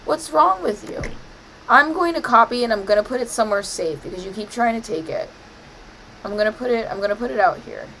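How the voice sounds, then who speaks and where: A woman's voice: on the high side, expressive, fairly quick, gravelly, fairly bright tone, a little hiss or hum, rough recording. Chatty woman narrating her gameplay. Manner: chatty, scolds the game playfully, mock-dramatic outbursts. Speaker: gaming streamer. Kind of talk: casual gameplay commentary.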